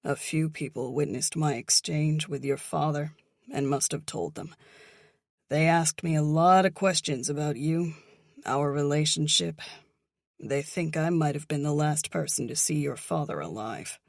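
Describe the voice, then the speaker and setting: A woman voicing a caring young male bartender friend in an audiobook, speaking gently with concern. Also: sits low, unhurried, vocal fry, dry recording, clean studio sound, heavily acted.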